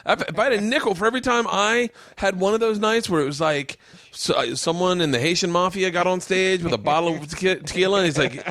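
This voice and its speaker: A man guesting on a podcast, trading animated, joking comedy banter in casual chat. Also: sits high, fast talker, dry recording.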